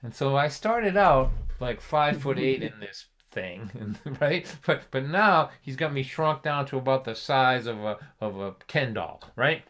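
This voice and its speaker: A man's voice: medium pitch, unhurried, hardly any pauses, faint music behind. A middle-aged man from Boston with a Boston accent, telling a comic family story on a live stream, acting out his father's lines. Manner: animated, acts out his father's lines with rising intensity. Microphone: live stream mic.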